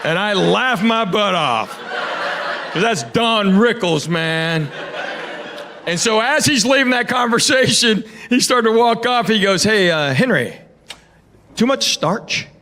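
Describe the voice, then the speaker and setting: A man's voice: sits high, expressive, a little slow, noisy background. A middle-aged man from Tennessee, doing a stand-up set and telling stories with quoted voices and playful asides to the crowd. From Knoxville, Tennessee. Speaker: stand-up comedian. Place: comedy stage with live audience.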